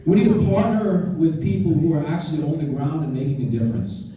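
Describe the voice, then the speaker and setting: With a fairly high pitch, a dark tone, and a quick, expressive delivery, a man addresses a political club as its guest speaker. The speech is informal, conversational, and emphatic, with frequent sentence restarts, recorded from a distance in a very echoey meeting room at a club event.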